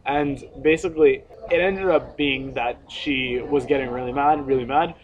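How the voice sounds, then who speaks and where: A man's voice: mid-range voice, normal speed, dull audio. A young man hosting a podcast, telling a story casually, swearing and laughing as he goes. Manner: profane, laughing, animated storyteller. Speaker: podcast host.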